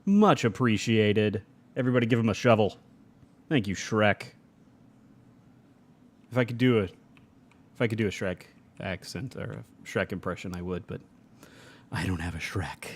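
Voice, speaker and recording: A man's voice: lowish voice, moderate pace, long pauses. A young adult man streaming a game live, chatting casually, reading chat aloud and laughing often.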